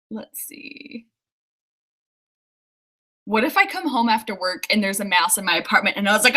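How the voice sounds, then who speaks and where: A woman's voice: a little high, moderate pace, pauses often. A young woman chatting casually on a livestream from her apartment, giggling often and reading viewer comments aloud. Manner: giggly, excitable, laughs often. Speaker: author livestreaming writing sprints.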